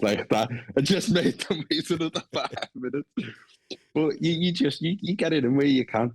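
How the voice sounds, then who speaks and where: A man's voice: medium pitch, expressive, normal speed, darkish tone, no echo. A man in his thirties with a Scouse accent, an actor chatting as a guest, swearing freely and often restarting. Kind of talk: casual chat.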